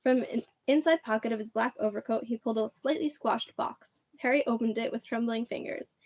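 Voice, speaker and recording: A woman reading a children's book aloud on a livestream, expressive and chatty between chapters. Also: on the high side, fairly quick, no echo. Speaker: reader.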